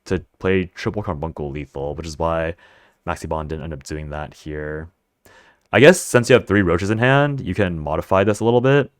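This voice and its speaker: A man's voice: sits low, clear, resonant tone, dry recording, studio quality. A man giving a casual gameplay breakdown of a card game, thinking aloud and correcting himself mid-sentence.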